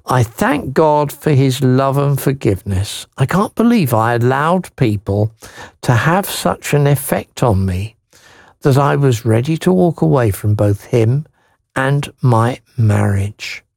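Christian radio guy, slow and gravelly, reads a letter then prays, keeps asking isn't it. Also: medium pitch, sing-song, no room sound, clean studio sound. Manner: gentle, encouraging, leans on tag questions. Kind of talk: pastoral talk, reading a listener's letter and praying.

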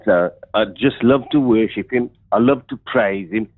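A man's voice: fairly low pitch, a little slow, no room sound. A man from England with a West Midlands accent, calling in to a radio show to share an earnest faith testimony, often repeating his words. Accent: West Midlands English. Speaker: caller. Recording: tinny phone line.

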